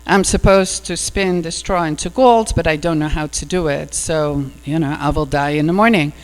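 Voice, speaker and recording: A woman voicing a frightened young maiden who pleads in a hurried way, heard in an echoey hall with a mains hum. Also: deep voice, close to an everyday voice. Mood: pleading.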